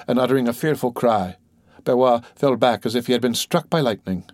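A man reads a classic novel aloud in a steady, measured narration. His mid-range voice sits dry and close on the mic. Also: mid-range voice, dry recording. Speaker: audiobook narrator. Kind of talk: scripted narration.

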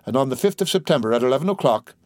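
A man voicing a stern English creditor who talks calmly and in a businesslike way. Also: mid-range voice, no room sound, clean studio sound, close to an everyday voice. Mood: measured. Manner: calm, measured, businesslike.

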